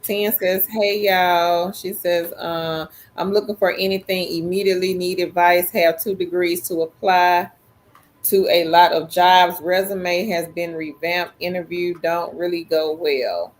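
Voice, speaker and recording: Woman co-host, slow easy livestream chat, reads viewer comments. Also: lowish voice, fairly even intonation.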